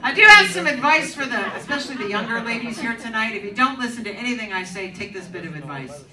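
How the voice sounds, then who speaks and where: A woman's voice: a little high, expressive, fast. A middle-aged woman performing a crude, teasing stand-up set in a comedy club, working the crowd. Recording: echoey club from a distance, crowd. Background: audience laughter.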